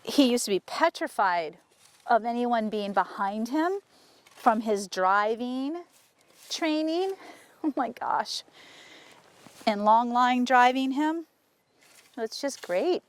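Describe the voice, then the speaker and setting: A woman horse trainer talking casually to her viewers while working a horse outdoors, often breaking off to softly praise the horse. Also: fairly high pitch, animated, slow, long pauses. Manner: chatty, soothing praise to the horse. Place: outdoor arena.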